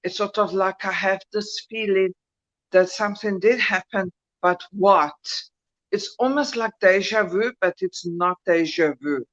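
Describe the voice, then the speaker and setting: A woman calling in, speaking slowly and searching for words over a muffled, bad connection. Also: mid-range voice, fairly bright tone. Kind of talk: casual chat.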